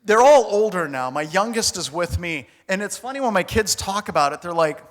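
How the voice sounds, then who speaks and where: A middle-aged American man telling a comic story on a conference stage, casual and animated, with slang and mild swearing. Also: high-pitched, fairly quick. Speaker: conference speaker. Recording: reverberant conference hall.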